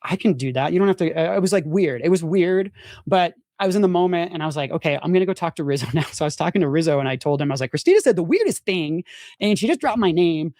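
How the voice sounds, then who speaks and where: Racing through his story, a young former reality show contestant on a podcast performs each quote with huge pitch leaps and fills his casual talk with "like." The recording is dry and studio quality.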